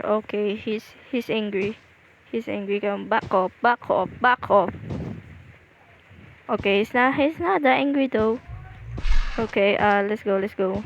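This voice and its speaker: A woman's voice: mid-range voice, sing-song, takes it slowly, gravelly, long pauses, lo-fi sound, slight background noise. A young woman with a Filipino accent giving rambling, casual game commentary, often repeating and restarting phrases. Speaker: gaming video creator.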